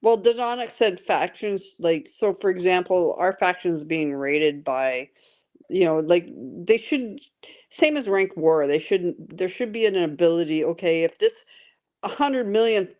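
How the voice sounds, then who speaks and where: A woman's voice: on the low side, animated, measured pace, darkish tone. A woman hosting a casual podcast chat about an online game, rambling and laughing often with lots of fillers. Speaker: podcast host.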